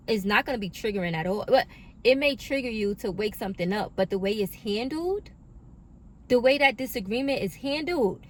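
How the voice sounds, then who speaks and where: A woman's voice: medium pitch, slight background noise. A woman giving a spiritual card reading to her viewers, emphatic and affirming, with casual swearing, recorded on a phone. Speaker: oracle card reader.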